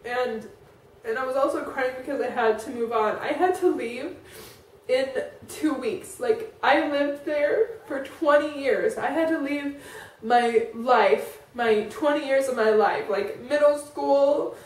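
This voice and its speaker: High-voiced woman vlogging from a distance. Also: slow pace, a little hiss or hum. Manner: rambling, full of "like" and restarts. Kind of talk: personal confessional storytelling. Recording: roomy, distant from the mic.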